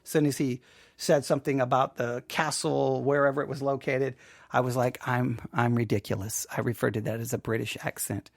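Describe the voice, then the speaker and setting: A man's voice: medium pitch, steady tone, fairly quick, vocal fry, dry recording. A Texan man hosting a theology show, rambling and self-deprecating with many restarts. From Texas. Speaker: host. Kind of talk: theology commentary.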